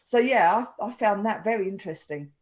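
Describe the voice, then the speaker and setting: A woman's voice: mid-range voice, a little fast. A woman co-hosting a casual chat, telling a rambling story and acting out the quoted lines. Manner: rambling, animated retelling with acted quotes. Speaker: co-host.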